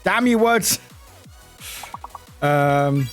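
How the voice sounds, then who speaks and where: A man from the UK chatting casually with viewers on a live stream as he plays a word game, upbeat and quick to greet people. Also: a little high, lively intonation, faint music behind. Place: home room with a cat nearby.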